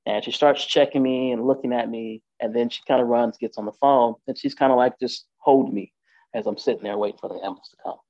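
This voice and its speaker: A man's voice: medium pitch, fairly even intonation, fast, dark tone. A man telling a personal story in a loose, conversational way, with lots of fillers and "right?" asides. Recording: dull lo-fi recording.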